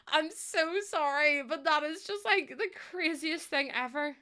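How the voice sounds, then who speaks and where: A woman live streamer chatting casually with her viewers, excitable and gushing, laughing often. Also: high voice, slow pace.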